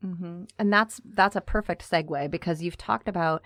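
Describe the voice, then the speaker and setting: Thoughtful woman co-host in her thirties, slightly low voice, dry studio sound. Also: normal speed, fairly bright tone, no room sound. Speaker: podcast co-host. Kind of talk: casual podcast chat.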